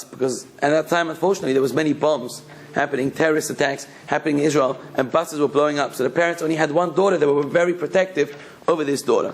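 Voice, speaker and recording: Male rabbi, sermon storyteller, slightly high pitch. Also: quick pace. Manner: telling a story, then exhorting the listeners.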